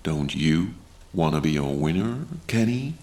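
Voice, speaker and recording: A man voicing a tall, sly male gambler with a Southern American twang, soft-spoken and menacing, in a storybook reading. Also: animated. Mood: sly menace. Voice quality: gravelly, slow, low drawl.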